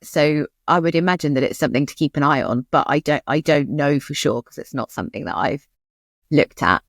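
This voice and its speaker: A woman's voice: deep voice, no echo, clean studio sound. A woman co-hosting a podcast, asking questions and chatting casually. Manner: quick questioning, conversational. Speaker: podcast co-host. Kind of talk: casual chat.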